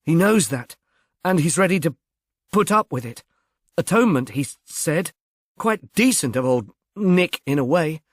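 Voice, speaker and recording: A man's voice: on the high side, lively intonation, unhurried, dry recording, studio quality, voice pushed up. A man voicing a shy, earnest young Englishman who stammers and speaks diffidently. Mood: earnest, worried. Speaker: reader.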